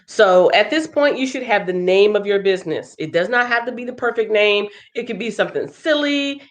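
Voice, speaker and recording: A woman hosting a casual livestream walkthrough. She sounds congested and thinks aloud in a chatty way. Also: on the low side. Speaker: livestream host.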